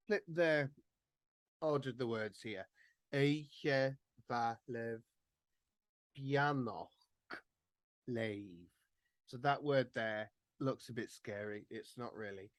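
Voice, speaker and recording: A man gives an online lesson and sounds out each word slowly and carefully, then asks learners to repeat. His voice sits in the middle range for a man. The computer mic sounds very dry and close. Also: mid-range voice, no room sound. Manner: slow, careful word-by-word pronunciation. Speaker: Gaelic language tutor. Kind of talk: online workshop teaching pronunciation. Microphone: computer microphone on a video call.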